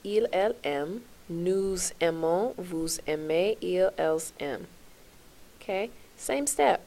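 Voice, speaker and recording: A woman's voice: on the low side, a little mellow. Woman teaching French, chanting endings. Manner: checks in with "okay?" and quizzes the class by name; spells out endings in a rhythmic chant. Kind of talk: classroom lesson video.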